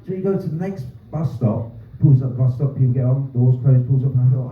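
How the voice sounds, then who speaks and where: Ranting comic, heard from far off in an echoey pub room on a thin, phone-like recording. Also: male voice, mid-range voice, quick pace, hardly any pauses. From North London. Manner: ranting, sweary, deadpan asides. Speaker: stand-up comedian. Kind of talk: stand-up comedy set. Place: small pub comedy room. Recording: roomy, distant, phone-like sound. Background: audience laughter.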